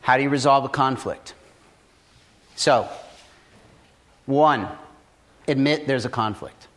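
A man giving casual, blunt business advice, swearing freely and telling stories in an animated way. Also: medium pitch, takes it slowly. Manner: profane, blunt, animated storytelling. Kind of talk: casual motivational talk.

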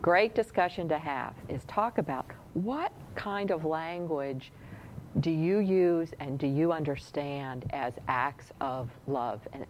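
A woman's voice: sits low, a little mellow, slight background noise, rough recording. A woman leading a relationship workshop, chatting and asking her audience questions. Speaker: workshop leader. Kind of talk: teaching a relationship class.

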